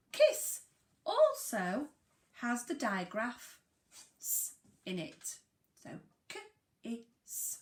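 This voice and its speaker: A woman teaching a phonics lesson to young children, sounding out words slowly and emphatically. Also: medium pitch, pushed and bright. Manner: slow, sing-song, emphatic sounding out of words. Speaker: primary school teacher. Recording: echoey room.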